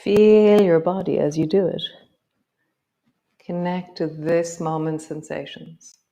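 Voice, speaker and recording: Low-voiced woman guiding yoga, slow and gentle. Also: steady tone. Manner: slow, gentle spoken cues. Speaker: yoga teacher.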